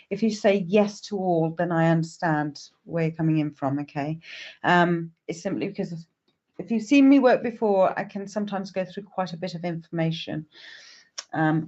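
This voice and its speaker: A woman's voice: mid-range voice, darkish tone, highs cut off. A woman, a psychic medium, chatting on a live stream and greeting viewers by name.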